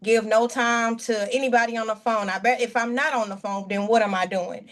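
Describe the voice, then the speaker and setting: A woman pastor tells her testimony in a guest chat, her voice sitting a little high. She talks earnestly and from the heart, rambling and restarting as she goes. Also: fairly even intonation, fairly quick, fairly bright tone.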